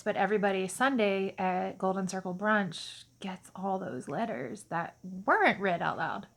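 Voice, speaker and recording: Woman, casual storyteller to camera, chatty and animated, lots of fillers. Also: mid-range voice. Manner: chatty, animated, many fillers and acted-out dialogue.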